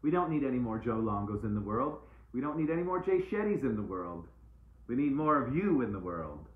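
A man's voice: mid-range voice, sing-song, fairly quick. Man reading oracle cards over a tinny line. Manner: playful, motivational, repeats phrases like mantras. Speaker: oracle card reader. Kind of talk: casual live-stream card reading. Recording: echoey room, tinny phone-like sound.

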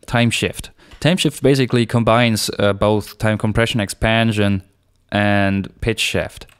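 A man hosting a screencast software tutorial, explaining each step in a relaxed, unscripted way with small fillers. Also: lowish voice, clear, resonant tone, dry recording, studio quality.

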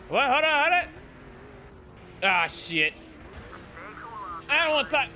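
Male streamer, very high lively bright voice, excitable and profane commentary. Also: slow pace, pauses often. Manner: excitable, profane, yells at rivals. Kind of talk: gameplay commentary.

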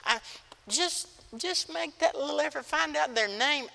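A middle-aged pastor preaches a folksy, emphatic sermon packed with stories in a church sanctuary. His high, bright voice is a little slow and gravelly, and a long church-hall reverb hangs on the sound.

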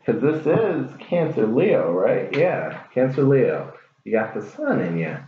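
A man gives his viewers a casual tarot reading in a sing-song, mid-range voice, speaking a little slowly with slight background noise. He's earnest, encouraging, and rambling, and the recording sounds dull and lo-fi in an echoey room.

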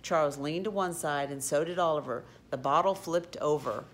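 A woman's voice: sits low, normal speed. Woman reading a storybook aloud. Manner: expressive, with occasional slips and restarts. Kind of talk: storybook read-aloud narration.

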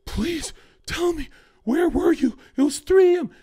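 A man putting on the voice of a panicked young girlfriend in a high, pleading falsetto. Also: animated, unhurried, mellow.

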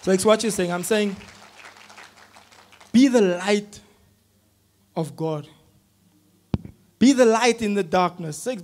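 A man preaching a sermon in a church, talking casually with slang and swinging from quiet scripture reading to loud urgent pleading. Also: sits high.

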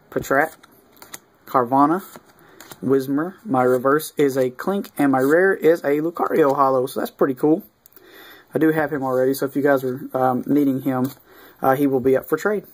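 A man talking casually through an unboxing at an ordinary pitch, reading card names in a steady run. He drops in small excited remarks and plenty of ums and uhs. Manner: easygoing, reads off cards one after another; mildly excited asides with fillers. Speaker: video creator opening card packs.

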